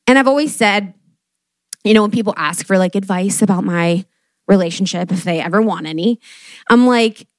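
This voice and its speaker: With a mid-range voice and no room sound, a young adult woman performs a stand-up monologue. Her style is casual and foul-mouthed, heavy on "like" as a filler, with frequent swearing and quotes she acts out.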